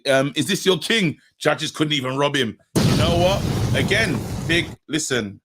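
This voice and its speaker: A man's voice: on the high side, animated, a little slow, heavy background noise. A man co-hosting a podcast, chatting animatedly and acting out quotes between laughs. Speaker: podcast co-host. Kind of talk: casual boxing chat.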